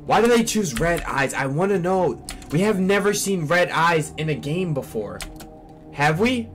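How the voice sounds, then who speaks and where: Excitable young man reacting on a desk mic. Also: on the high side, a little slow, soft background music. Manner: excitable, rambling, repeats himself. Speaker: channel host reacting to a trailer. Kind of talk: excited casual reaction vlog.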